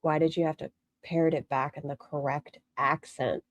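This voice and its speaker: Woman streamer snarking at a clip, low-ish voice, swears a lot, dry close sound. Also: fairly even intonation, moderate pace, no room sound, muffled recording. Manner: blunt, sarcastic, swears freely. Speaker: streamer reacting to a video. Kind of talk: reaction commentary.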